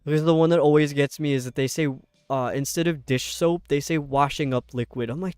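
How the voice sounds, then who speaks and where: A young man from upstate New York, lightly accented, rambles and chats with his viewers while gaming, laughing quickly. His fairly high voice is darkish, clear and resonant, captured in a dry recording with clean studio sound.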